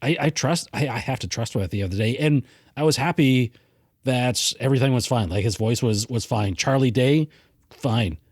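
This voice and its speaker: A man co-hosting a casual film review podcast, chatty and quick to laugh at himself. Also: mid-range voice, a little mellow, dry recording, studio quality. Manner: chatty, self-deprecating, laughs easily. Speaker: podcast co-host.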